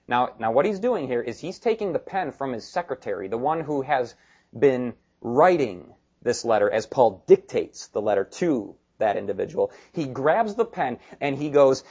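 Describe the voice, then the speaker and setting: A male pastor preaching a sermon in an animated, emphatic way, with joking asides. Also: mid-range voice, moderate pace, muffled recording.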